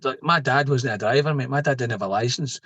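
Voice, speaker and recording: A man's voice: mid-range voice, fast talker, fairly bright tone, no room sound. A middle-aged man, a podcast guest telling stories in a casual, joking way and laughing at his own tales. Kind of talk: casual storytelling interview.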